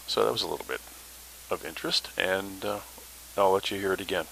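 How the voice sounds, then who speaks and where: A man's voice: sits low, fairly even intonation, fairly quick, gravelly, a bit bright, slight background noise, rough recording. A man hosting a paranormal podcast, telling his story in a casual, rambling way with many fillers.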